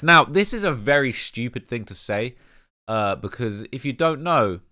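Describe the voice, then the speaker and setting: A man hosting a rap commentary show, talking casually in slang with animated emphasis and lots of fillers. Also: medium pitch, normal speed, no room sound, clean studio sound. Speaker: host of a rap commentary channel.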